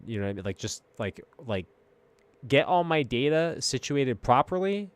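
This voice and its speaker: A man's voice: on the low side, smooth, no echo. Rambling, profane man musing aloud. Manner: rambling, profane, laughing, drifting between mumbles and loud rants. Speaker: streamer host. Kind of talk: casual stoned-sounding philosophical chat.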